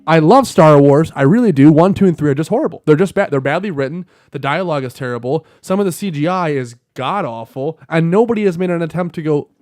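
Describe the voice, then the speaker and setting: Young male co-host, casual and profane, gets heated fast; slightly high voice, dead-dry close recording. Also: animated, no echo. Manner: profane, worked-up rants that rise to shouting. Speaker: podcast co-host. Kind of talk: casual chat.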